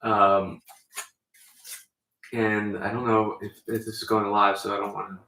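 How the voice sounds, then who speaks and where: A man chatting casually in a small talk contest, rambling and halting with many fillers. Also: fairly low pitch, completely flat delivery, pushed and bright, echoey room, slight background noise, poor audio. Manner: rambling, halting, with bad put-on British accent. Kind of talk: casual banter.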